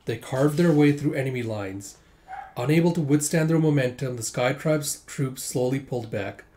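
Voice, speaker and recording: A man's voice: mid-range voice, normal speed, mellow. Chatty man reading a manga aloud. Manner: chatty, acts out characters with sound effects. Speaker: manga reader and reviewer. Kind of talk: casual manga readthrough. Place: home room with windows open.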